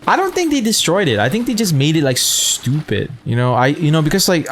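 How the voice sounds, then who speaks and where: A man chatting casually as a streamer, rambling, profane and laid-back, often laughing at his own jokes. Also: mid-range voice. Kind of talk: casual chat.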